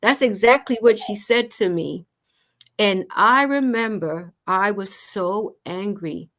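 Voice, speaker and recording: A woman's voice: medium pitch, slow, fairly bright tone. A woman hosting a conversation about grief, telling her own story in an earnest, emotional way. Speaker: host.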